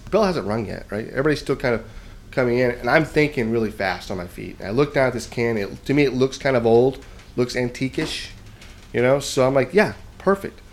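A man's voice: medium pitch, brisk. A man telling a long story in casual podcast chat, rambling and self-mocking, often checking in with "right?".

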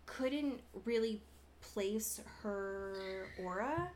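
Young female co-host, mid-range voice, unhurried and thoughtful, casual fillers. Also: medium pitch. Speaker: podcast co-host. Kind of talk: casual chat recapping a show.

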